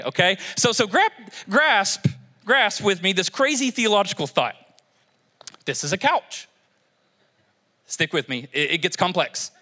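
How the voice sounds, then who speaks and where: A man from Kentucky preaching a lively, joking sermon to a church congregation on a handheld mic. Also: high-pitched. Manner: energetic, joking, exhorting congregation. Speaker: pastor. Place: church stage.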